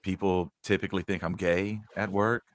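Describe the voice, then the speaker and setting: Low-voiced laid-back man telling stories. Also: flat delivery, moderate pace, slight background noise. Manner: rambling, laid-back storytelling with many fillers. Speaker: podcast co-host. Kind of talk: casual chat.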